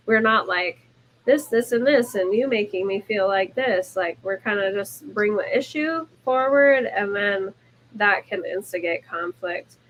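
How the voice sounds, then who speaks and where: A woman's voice: medium pitch, a bit bright, a little hiss or hum, low-quality recording. A woman co-hosting a relationship coaching talk, explaining ideas in long flowing sentences. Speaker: life coach co-host. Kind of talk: casual conversation.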